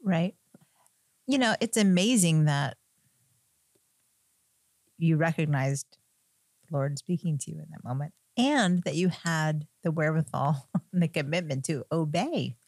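A woman's voice: low voice, expressive, a little slow, pauses often, darkish tone, no echo. A woman co-hosting a podcast in casual chat, affirming and encouraging her guest.

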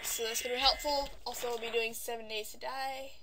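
A woman giving casual let's-play commentary into a desk microphone, chatty and prone to sudden yelps and yelling at the game. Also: on the high side, flat delivery, a little fast, music in the background. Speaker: gaming YouTuber.

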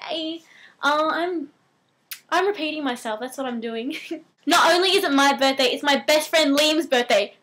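An eighteen-year-old woman with an Australian accent, chatting excitedly to her vlog camera, giggly and bubbly. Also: high voice, moderate pace. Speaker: vlogger. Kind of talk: casual chat to camera.

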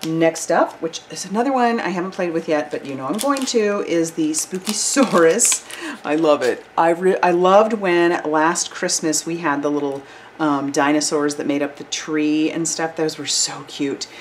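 A woman with a low, deep-set voice talks through new crafting products in an upbeat, gushing vlog style. She chats casually and freely. A faint hum sits underneath the recording. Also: moderate pace. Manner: bubbly, enthusiastic, chatty with fillers. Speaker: card-making channel host.

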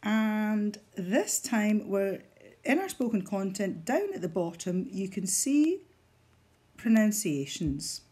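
A woman's voice: mid-range voice, dark tone, breathy edge. A woman, a teacher walking learners through a device step by step with patient guidance. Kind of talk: instructional screen demonstration.

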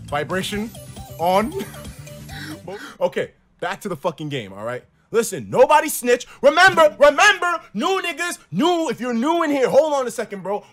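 A young man streaming a video game, excitedly yelling, laughing and talking to his chat over game music. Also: high-pitched. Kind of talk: excitable let's-play commentary.

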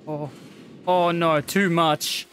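A streamer giving excitable, swearing livestream commentary, talking back to game figures. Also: mid-range voice, slow.

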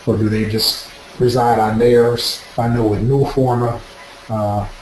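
A man's voice: medium pitch, flat delivery, unhurried, a little mellow, roomy sound, a little hiss or hum, rough recording. A man giving practical, explanatory advice as the presenter of an instructional webinar.

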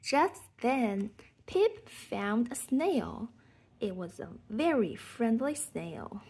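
A woman reading a children's picture book aloud in a soft, half-whispered storytelling manner. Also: fairly high pitch, big pitch swings, extremely slow, husky.

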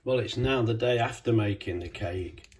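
A man's voice: on the low side, normal speed. A man chatting casually in his home cooking vlog, talking to himself as he tastes a cake. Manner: chatty, self-talking, talks with mouth full.

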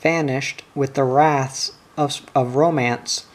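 A man voicing an older, whimsical poet miner who speaks mildly and wryly, read slowly. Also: mid-range voice, fairly even intonation, close to an everyday voice. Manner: mild, wry, sentimental. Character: old whimsical poet miner, mild and teasing.

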